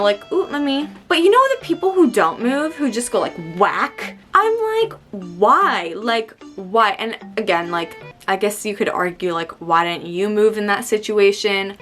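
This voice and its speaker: A young woman vlogging in a casual ranting monologue, animated and exasperated, repeating herself for emphasis. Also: fairly high pitch.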